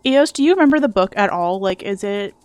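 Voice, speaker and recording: Young woman, game streamer, casual chat, sarcastic, swears freely, mid pitch. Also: expressive, fairly quick, darkish tone, dry recording. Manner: chatty, sarcastic, swears casually, jokes about a movie. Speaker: streamer playing a video game.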